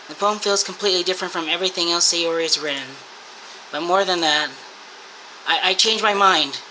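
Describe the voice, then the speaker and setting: A woman's voice: lowish voice, a little fast, slight background noise. A woman hosting a gaming channel, reading the game's text aloud in a let's-play and breaking off into shaken swearing. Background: loud game music.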